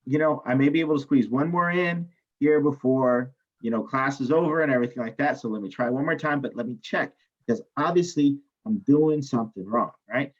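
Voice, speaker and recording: Man, chemistry instructor, classroom lecture, animated storytelling, middle pitch, muffled lo-fi recording. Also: fairly quick. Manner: animated storyteller, asks "right?" often, swears.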